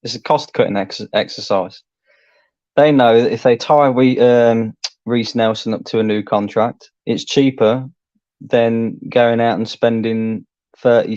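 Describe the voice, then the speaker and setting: A man calmly arguing a point about his football club's squad in casual chat. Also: medium pitch, dry recording, lo-fi sound. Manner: calm, explanatory, argumentative. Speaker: co-host, football fan.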